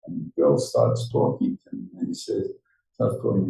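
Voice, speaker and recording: Older man, Torah class, storytelling, mellow tone, echoey room. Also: sits low, normal speed, vocal fry, recorded from a distance. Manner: animated storytelling, acts out dialogue. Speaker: rabbi teaching a Torah class. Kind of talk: informal Torah lecture. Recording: roomy, from off the mic.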